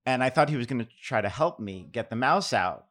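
A middle-aged man from New York tells a rambling, self-deprecating story before reading his poems. He speaks at an average pitch, loose and unhurried, with plenty of "um"s and restarts. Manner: relaxed, self-deprecating, many fillers and restarts. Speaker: poet giving a reading. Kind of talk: casual anecdote and poetry reading.

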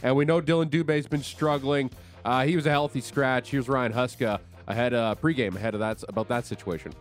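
A man's voice: medium pitch, steady tone, a little fast, faint music behind. A man hosting a sports radio show, recapping hockey plays in a conversational way with many fillers. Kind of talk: casual sports talk recap.

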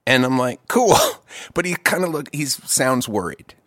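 A man telling a long story in casual chat, profane and animated, with quick asides and restarts. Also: medium pitch, dry recording, clean studio sound.

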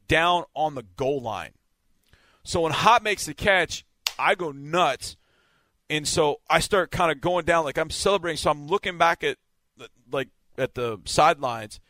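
A man, a sideline reporter, telling a game story in a casual, animated way on a sports podcast. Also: fairly high pitch, no echo. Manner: animated, vivid play-by-play retelling.

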